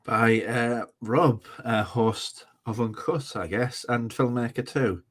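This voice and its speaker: A man speaking as a podcast guest in casual chat, halting and wry. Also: mid-range voice, steady tone. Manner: hesitant, many fillers and restarts, wry.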